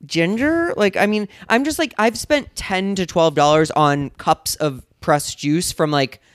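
A co-host with a smooth, clear voice at a middle pitch chats casually and often trails off mid-thought. The sound is dry and close on the mic. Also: measured pace, no echo. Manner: chatty, trails off mid-sentence. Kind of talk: casual chat.

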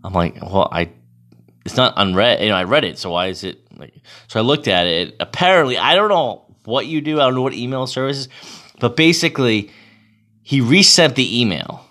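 A man's voice: mid-range voice, animated, moderate pace, sharp tone. A young man from Massachusetts, a beer league hockey goalie, ranting casually to camera with profanity and lots of fillers. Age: young adult.

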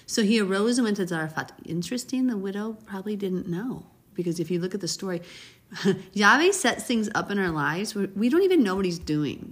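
A woman reads scripture aloud and breaks off into heartfelt, conversational commentary. Her voice sits a little low, with a soft, breathy edge. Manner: warm, chatty, reads scripture with brief emotive asides. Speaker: Bible teacher. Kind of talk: casual Bible reading and commentary.

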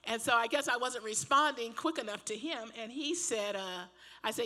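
An older woman pastor preaching a sermon, telling a personal story in a chatty, animated way with laughs and asides. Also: fairly high pitch, a little fast. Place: church.

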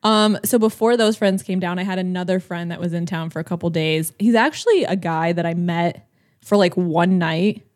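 A young woman co-hosting a podcast, chatting casually with a friend, swearing freely and rushing through stories. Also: on the low side, darkish tone, no room sound, studio quality. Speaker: podcast co-host. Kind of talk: casual chat.

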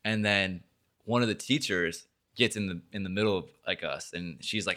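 A young man who hosts a podcast tells a story in casual chat, rambling, swearing a lot and packing his speech with filler "likes." His voice is low-pitched and sharp, at a normal speed.

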